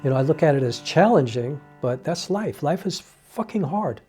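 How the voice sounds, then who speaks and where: A man speaks a heartfelt, reflective monologue to the camera in a fairly high, mellow voice. He talks earnestly, leaning on "you know" as he thinks aloud, while faint violin music plays behind him. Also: animated, normal speed, husky. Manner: acts out quoted dialogue with raised voice. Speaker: independent filmmaker and playwright.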